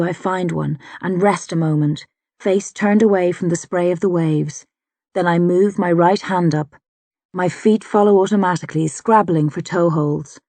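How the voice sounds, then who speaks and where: A woman narrating a fantasy audiobook in the first person, with a measured, dramatic delivery. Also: lowish voice, warm tone, no echo.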